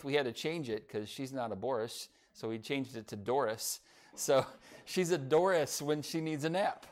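Folksy middle-aged man preaching. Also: fairly high pitch. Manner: conversational, folksy storytelling with humor. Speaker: pastor. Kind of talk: sermon.

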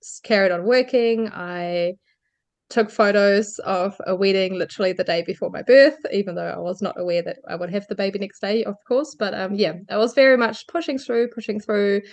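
Woman guest, mid-pitched, tells her story candidly with quick laughs. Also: fairly even intonation. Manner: candid, laughs lightly between phrases. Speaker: podcast guest. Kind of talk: personal birth story in an interview.

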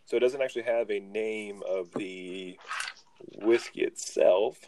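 A man hosting a podcast in casual chat, relaxed and full of fillers as he leads into segments. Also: fairly low pitch, measured pace. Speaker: podcast host.

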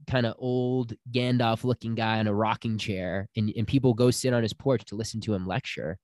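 A man's voice: lowish voice, moderate pace. A young man telling a personal story in casual chat, acting out the people he quotes. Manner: animated storyteller, acts out quotes.

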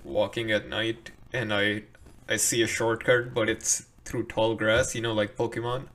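A man co-hosting a casual podcast, relaxed and quick to laugh as he shares his own experiences. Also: lowish voice. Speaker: podcast co-host. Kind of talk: casual chat.

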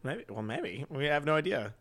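A man's voice: a little high, big pitch swings, moderate pace, fairly bright tone. A man co-hosting a podcast, dramatic and self-mocking, laughing often in casual chat. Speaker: podcast co-host.

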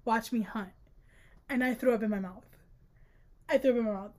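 This is a young woman with a high-pitched voice co-hosting a casual book-discussion podcast. She talks in an animated, sarcastic way and laughs often. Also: fast. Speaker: podcast co-host.

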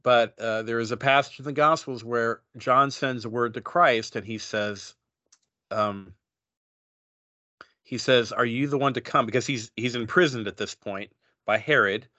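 A man on a church discussion panel talks thoughtfully, his voice bright and tense. He often restarts his sentences. The sound is dry and close, with no room echo. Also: medium pitch, a little slow, muffled recording. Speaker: panel member.

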